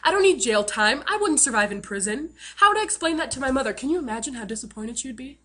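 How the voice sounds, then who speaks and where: A woman talks straight to her camera, spinning a comic story with lots of "you know" and "like." Her voice is bright and a touch high, and she pokes fun at herself as she goes. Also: lively intonation, fast. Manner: chatty and self-mocking, many fillers. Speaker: vlogger.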